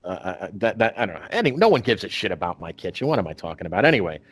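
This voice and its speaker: A man's voice: deep voice, very animated, rapid-fire, husky, dry recording. A man hosting a podcast in casual chat, rambling with many restarts and fillers. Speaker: podcast host.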